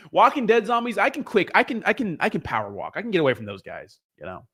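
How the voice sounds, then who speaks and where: A man's voice: high voice, sing-song, fairly quick, fairly bright tone, breathy edge. A young man hosts a casual livestream and rambles loosely to his viewers. He swears freely, jokes with the chat, and drifts from topic to topic in an easygoing, unscripted way. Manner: rambling, profane, joking with chat. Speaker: crypto livestream host.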